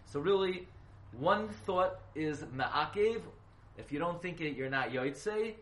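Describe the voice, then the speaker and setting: A man's voice: a little high, animated, a little slow, a bit bright. A man giving a halacha class, questioning his students and spelling words out letter by letter. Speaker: Torah teacher. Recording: echoey room, faint hiss.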